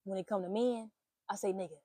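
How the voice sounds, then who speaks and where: Animated, blunt woman with a mellow voice. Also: medium pitch, fast, no room sound. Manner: animated, swearing, playful exclamations. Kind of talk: casual spiritual reading monologue.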